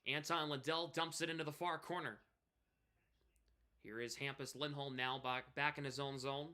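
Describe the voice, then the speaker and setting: Bright-voiced young hockey play-by-play streamer. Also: male voice, medium pitch, normal speed. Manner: excited play-by-play, chatting with chat between plays. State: coughing, choking on saliva. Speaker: livestream hockey commentator. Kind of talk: live play-by-play commentary.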